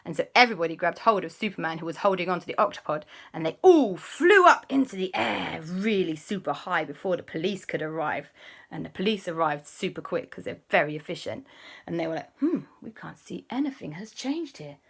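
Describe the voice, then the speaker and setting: A woman hosting a children's show, telling a story in a lively, animated way with gasps and sound effects. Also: on the low side, fairly quick, gravelly.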